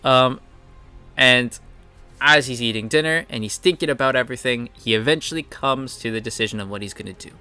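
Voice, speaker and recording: A man's voice: medium pitch, brisk, bright, forceful tone, smooth, soft background music. A man casually recapping comic chapters as a reviewer, retelling scenes by paraphrasing the characters and chuckling along. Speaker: manhwa reviewer.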